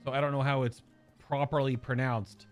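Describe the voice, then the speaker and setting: Man, American accent, casual game-stream chat, rambling, mid pitch, faint background music. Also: flat delivery, moderate pace. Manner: rambling, searches aloud for words.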